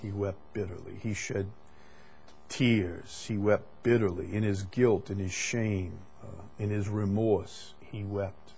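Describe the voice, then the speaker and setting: Pastor, male, low voice, unhurried conversational Bible teaching, repeats himself. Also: steady tone, gravelly, darkish tone, slight background noise. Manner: deliberate, repeats words, frequent "uh" fillers.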